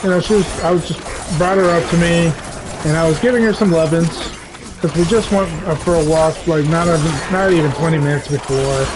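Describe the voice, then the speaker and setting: A male streamer talks loosely over his game, drifting from one story to the next. His voice sits a little high for a man. A clear layer of noise runs underneath the talk. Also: brisk. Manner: rambling, animated storytelling. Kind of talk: casual live-stream chat while gaming.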